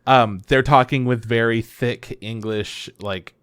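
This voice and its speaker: A man co-hosting a podcast in relaxed casual chat, easygoing and agreeable. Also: mid-range voice, takes it slowly, clear, resonant tone, no echo, studio quality. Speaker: podcast co-host.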